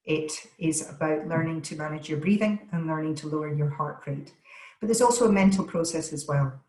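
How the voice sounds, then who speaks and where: A woman speaks as a voice coach, leaning hard on each word with energetic, deliberate emphasis. Her voice sits fairly low for a woman. The call sounds roomy, with a noticeable echo around her. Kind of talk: webinar Q and A answers. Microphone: video call.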